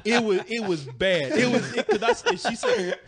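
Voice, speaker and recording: A man's voice: very high voice, wildly swooping pitch, moderate pace, husky. A man with a Texan accent telling a funny story in a casual podcast chat, laughing often. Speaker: podcast co-host.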